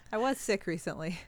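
A woman's voice: fairly low pitch, no room sound. A woman co-hosting a casual chat podcast with her sisters, giggling and rambling as she trails off mid-thought. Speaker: podcast co-host.

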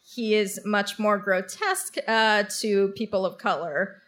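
A woman co-hosting a live podcast on stage, bantering with sardonic, quick interjections. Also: medium pitch, fairly even intonation, fairly bright tone. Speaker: podcast co-host. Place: stage before a live audience.

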